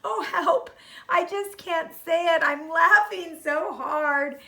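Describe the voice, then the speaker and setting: A woman voicing a big, boisterous male rhinoceros in a storybook read-aloud, gruff at first and then laughing helplessly. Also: very high voice, slow pace, sharp tone, exaggerated voice.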